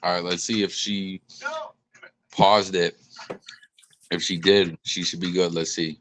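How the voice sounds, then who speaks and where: A man's voice: deep voice, little pitch movement, a little slow, long pauses, a bit bright, a little hiss or hum, poor audio. A man hosting a live podcast, chatting easily and joking about sports. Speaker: podcast host. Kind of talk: casual live-stream chat.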